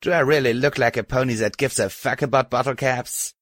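A man's voice: medium pitch, steady tone, fairly quick, a bit bright, dry recording, studio quality, voice pushed up, close to an everyday voice. A man reading an audiobook, voicing an armored female pony warrior who talks casually with a crude smirk. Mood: cocky. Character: armored female pony killer, cocky, grinning.

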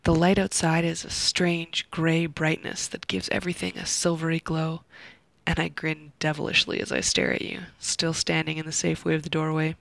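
A woman narrating a first-person erotic story in an intimate voice that slips into soft whispers, with heavy vocal fry. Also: low voice, monotone, normal speed, no echo, rough recording.

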